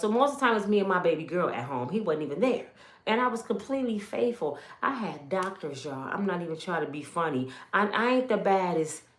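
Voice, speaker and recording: A woman's voice: medium pitch, fairly bright tone, roomy sound. A woman from Michigan giving an emotional personal testimony, telling her story with animation and speaking straight to her viewers.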